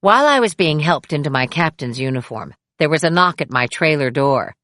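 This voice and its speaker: A middle-aged woman reading her memoir aloud in a measured way, giving the quoted people raised voices. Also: low voice, animated, fairly bright tone, no echo. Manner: measured, acts out dialogue with raised voice. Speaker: memoir narrator. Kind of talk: audiobook memoir narration.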